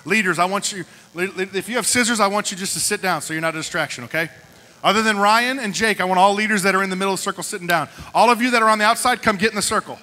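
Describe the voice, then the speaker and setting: This youth pastor has a high, sharp-toned voice. Preaching a youth service sermon to a group in a large hall, he keeps things punchy and repeats short lines, and the recording is echoey with mains hum underneath.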